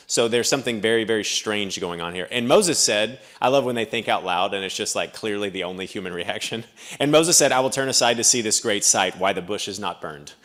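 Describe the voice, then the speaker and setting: Conversational male pastor, low voice. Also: a bit bright. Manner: conversational, thinks aloud with frequent asides. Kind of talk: sermon. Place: church.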